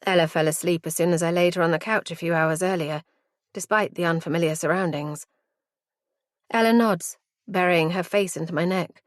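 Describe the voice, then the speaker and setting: A woman narrating a first-person audiobook in a measured, intimate and reflective way. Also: on the low side, no room sound, clean studio sound.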